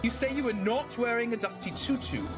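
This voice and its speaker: A woman voicing an eager, loud young male skeleton in a game. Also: fairly high pitch, very animated, brisk, over music, voice pushed up.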